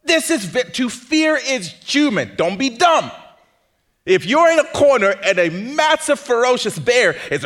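A male pastor preaching a sermon in an animated, playful way, now and then mimicking panicked voices for laughs. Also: very high voice, measured pace.

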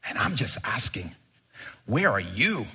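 A male pastor preaching a sermon in an animated, emphatic way, with sudden bursts of excitement. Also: on the low side, unhurried, breathy edge.

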